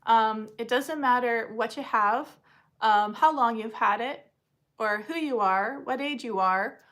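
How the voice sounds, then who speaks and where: A woman's voice: measured pace, fairly bright tone. A woman hosting a casual livestream, talking in a rambling, chatty way with frequent ums and uhs. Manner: coos at puppies in a high baby-talk voice. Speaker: livestream host. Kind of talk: casual live chat.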